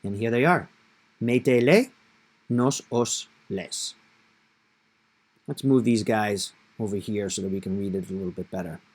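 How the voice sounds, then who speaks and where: A man's voice: on the low side, unhurried, long pauses, slightly rough. A man teaching a Spanish grammar lesson, explaining patiently and step by step, stressing key points.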